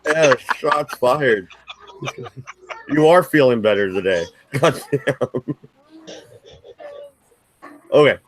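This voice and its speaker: A man's voice: mid-range voice, animated, slow pace, pauses often, slight background noise, low-quality recording. A man hosting a casual stream chat, swearing often and laughing as he rambles. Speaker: stream host.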